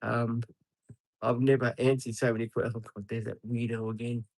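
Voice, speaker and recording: A man's voice: mid-range voice, level tone, normal speed, darkish tone, no echo, rough recording. A man with an Australian accent chatting casually with viewers on a live stream, laughing often and calling everyone mate.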